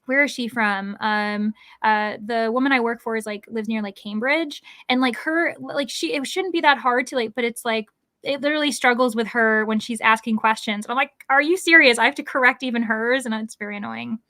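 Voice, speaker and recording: A woman's voice: a little high, a little fast, a bit bright, no echo. A woman hosting a casual livestream, chatting and reading viewer comments aloud, with lots of "like"s and laughs. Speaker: livestream host.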